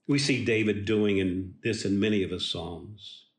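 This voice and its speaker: A man giving a devotional Bible teaching in a slow, emphatic and earnest way. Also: lowish voice, echoey room.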